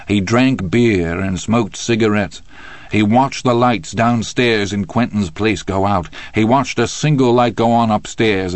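A man reading an audiobook in a steady, even storytelling manner. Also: sits low, no echo. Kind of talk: audiobook narration.

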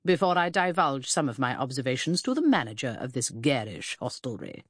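A woman reading an audiobook puts on an arrogant Victorian gentleman detective who clips each word with icy precision. The voice sits low, commanding and scornful, recorded dry and close. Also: very animated, fairly quick, slightly rough, no room sound, exaggerated voice. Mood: imperious. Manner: cutting, precise, imperious. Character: haughty, sharp-tongued Victorian male detective. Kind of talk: audiobook character voice.

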